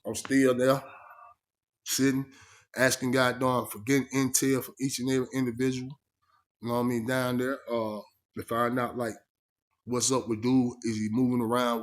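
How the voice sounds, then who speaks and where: A man telling a story in casual first person, emphatic and streetwise, often asking "you know what I mean". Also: medium pitch. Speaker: vlogger.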